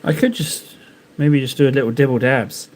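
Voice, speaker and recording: A man's voice: medium pitch, steady tone, moderate pace. A man hosting a live stream, chatting casually and joking to himself while he paints miniatures. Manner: rambling, jokey self-talk while painting. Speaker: livestream host painting miniatures.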